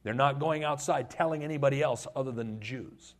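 A middle-aged man preaching a sermon as pastor, retelling a story in a lively way and acting out the voices. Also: mid-range voice, a little fast.

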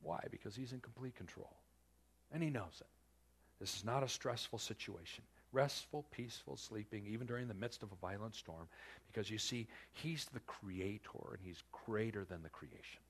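A male pastor preaching a sermon in an animated storytelling manner, full of filler words. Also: on the low side, normal speed, husky.

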